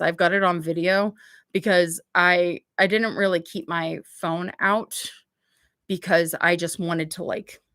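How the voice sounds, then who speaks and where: A woman's voice: lowish voice, fairly bright tone, dry recording, clean studio sound. A woman hosting a livestream in a casual, rambling way, full of filler words and blunt swearing. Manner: rambling, chatty, heavy on "like" fillers. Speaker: livestream host.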